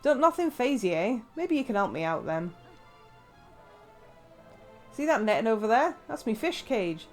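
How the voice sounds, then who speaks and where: A woman voicing a grumpy, brusque male fisherman in an English accent, with gruff, slangy grumbling. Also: a little high, very animated, moderate pace, pauses often, a little mellow, faint music behind. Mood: grudging.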